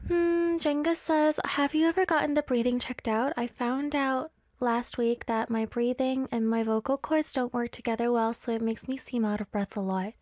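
A woman's voice: high voice, darkish tone, no echo. Playful young woman radio DJ, dry sound. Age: 20s. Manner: chatty, playful, self-teasing. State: a little out of breath. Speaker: radio DJ and live stream host. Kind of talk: casual radio chat reading live comments. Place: small studio, in a Korean city.

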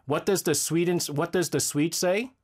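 A man's voice: a little high, normal speed, darkish tone. A man hosting a radio show, chatting casually and rambling while reading listener messages, often laughing. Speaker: radio host.

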